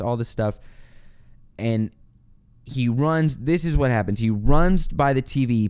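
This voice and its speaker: Young male podcast host, smooth clear tone, mid-range pitch, loose animated storytelling with swearing. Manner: animated, swearing, laughing storyteller who acts out quotes. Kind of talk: casual storytelling monologue.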